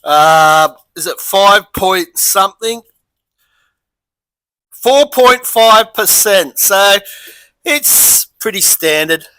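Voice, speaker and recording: A man's voice: high-pitched, drawn-out words, long pauses, sharp tone, dry recording, rough recording. An Australian man casually reviewing a beer and rambling through a story, chatty and easygoing.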